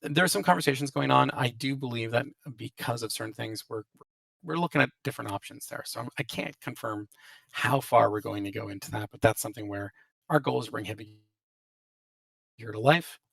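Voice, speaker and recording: A gravelly-voiced man hosts a loose question-and-answer session, hedging and restarting often. His voice sits a little away from the mic with a dry, robotic-sounding voice-chat quality. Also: medium pitch, fairly quick, fairly bright tone, no room sound, recorded from a distance, poor audio. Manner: hedging, many restarts and fillers. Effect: robotic glitchy audio. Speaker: game developer hosting a Q&A. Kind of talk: casual live Q&A, reading out and answering questions. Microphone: voice chat call.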